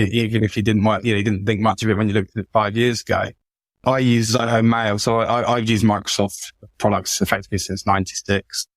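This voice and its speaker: A man's voice: lowish voice, no echo. A man, a guest consultant talking casually on a podcast, often repeating words as he goes. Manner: chatty, repeats words and restarts a lot.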